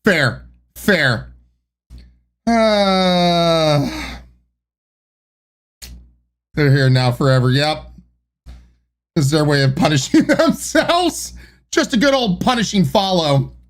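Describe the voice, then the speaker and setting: A man's voice: on the high side, expressive, slow pace, long pauses. A man streaming live, chatting casually and mocking his own corny jokes. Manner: wry, self-mocking, sighs and laughs.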